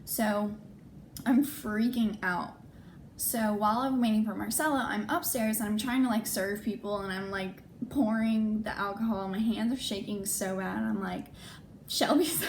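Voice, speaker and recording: A young woman chats through a personal storytime, switching into other people's voices as she quotes them. Her voice sits at an ordinary middle pitch. A faint hum of background noise runs under it. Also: a little slow. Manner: animated, acts out quoted dialogue, frequent "like". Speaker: vlogger. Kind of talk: casual storytime.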